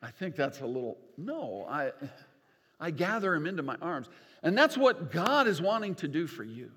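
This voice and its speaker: Older pastor preaching with lively, folksy warmth. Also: male voice, on the high side, moderate pace, slightly rough. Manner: animated, folksy, self-deprecating humor. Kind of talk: sermon. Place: church sanctuary. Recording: long church reverb.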